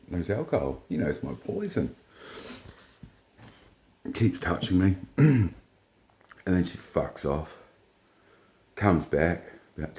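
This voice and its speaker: Blunt, swearing man, very low voice, rambling anecdote in a roomy space. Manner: blunt, profane, rambling, retells dialogue in flat quotes. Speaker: vlogger. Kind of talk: casual storytelling monologue.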